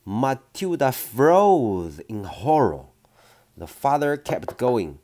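A man reading a children's novel aloud in an unhurried storytelling manner, with small slips. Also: mid-range voice, very animated, mellow. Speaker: reader.

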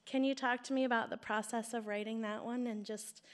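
A woman's voice: on the high side, steady tone, a little fast. A woman in the audience asking a question at a live event, nervous, giggly and earnest.

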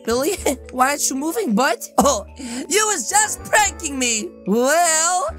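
A woman giving loud, excitable, comedic role-play commentary over gameplay, often shouting and laughing. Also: high voice, a little slow, faint music behind. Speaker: gaming YouTuber.

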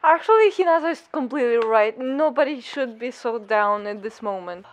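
A woman's voice: fairly high pitch, animated, moderate pace. A woman reacting to an anime episode as she watches, gasping, squealing and gushing, while saying she feels unwell. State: unwell, not feeling great. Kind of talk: excited live reaction commentary.

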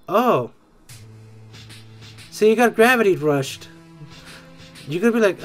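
An excitable gamer joking and exclaiming while reacting to a game's death scenes. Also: medium pitch, slow pace, long pauses, faint music behind. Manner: excitable, jokey, exclaims often and mimics characters. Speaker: reaction video creator. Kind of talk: casual game reaction commentary.

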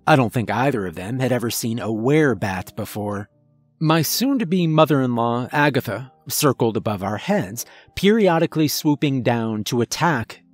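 A man reading a first-person horror story in a measured, dramatic way at an ordinary male pitch. The sound is close and dry, with soft music running quietly beneath. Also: no room sound.

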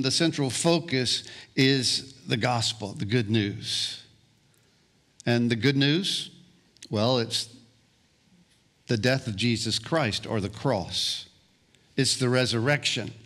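A male pastor preaching a sermon, slow and deliberate, often restarting and repeating words. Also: medium pitch, a bit bright.

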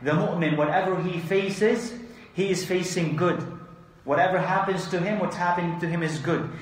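A man giving an Islamic lesson, reading Arabic texts quickly and explaining them in English with frequent rhetorical questions. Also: high-pitched. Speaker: Islamic teacher. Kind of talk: religious lesson explaining hadith. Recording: very echoey room.

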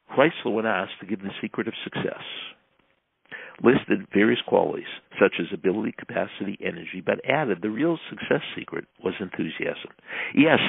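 A man coaching listeners by reading a self-help book aloud, punching some words loudly and dropping others to near quiet. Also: low-pitched, creaky, slightly rough, no echo. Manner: emphatic, swinging between loud stresses and quiet asides. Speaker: motivational coach. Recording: tinny phone-like dry sound.

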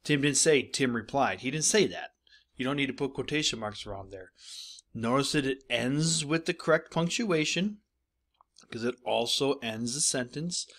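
A man's voice: medium pitch, normal speed, a bit bright. A male teacher giving a recorded lesson, explaining step by step and speaking straight to his students. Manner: explanatory, addresses students directly.

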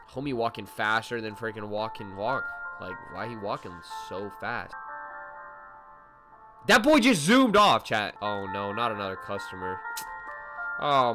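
A man giving let's play commentary to his chat, excitable and full of slangy exclamations as he reacts to the game. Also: fairly low pitch. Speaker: gaming video creator.

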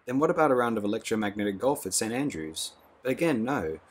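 A male audiobook narrator with a low, husky voice. He reads in a measured, dry way. The recording is close and plain. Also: big pitch swings.

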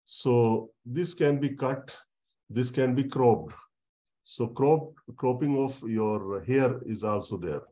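Male lecturer, mid pitch, dark warm voice, halting video-call teaching. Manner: explains slowly, repeats words, many fillers. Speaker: university lecturer. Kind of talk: online lecture.

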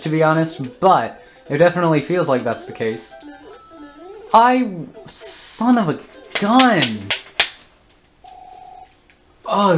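A woman with a very deep voice talks casually over her gameplay, flustered and exclaiming whenever things go wrong. Soft music plays faintly behind her. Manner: flustered, exclaims and groans at the game. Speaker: let's play host.

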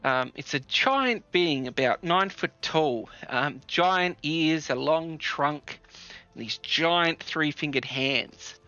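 Guy gm-ing a tabletop game, bright voice, um-ing along, lo-fi with music behind. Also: fairly high pitch, takes it slowly. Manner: relaxed storytelling with many fillers. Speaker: game master.

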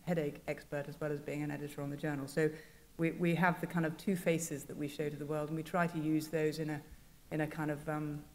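A woman speaks on a conference panel, halting now and then as she tells a wry story about her journal. Her pitch stays fairly flat. The sound carries a long reverb from a large hall, with a faint room hum behind it. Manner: anecdotal, self-deprecating, halting. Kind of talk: panel talk.

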